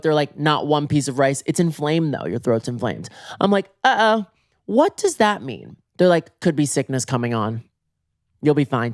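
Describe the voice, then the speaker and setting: A man hosting a podcast in a comic monologue, theatrical and swinging his pitch for emphasis, slightly hoarse from being sick, recorded in bed at home. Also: no room sound, clean studio sound. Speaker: podcast host.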